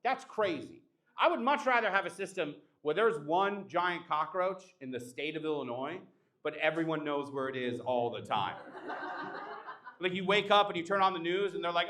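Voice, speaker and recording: Lively, bright-voiced stand-up comic. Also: male voice, fairly high pitch, normal speed. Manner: animated, exaggerated bits. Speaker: stand-up comedian and emcee. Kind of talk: live stand-up set. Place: live comedy show at an art venue.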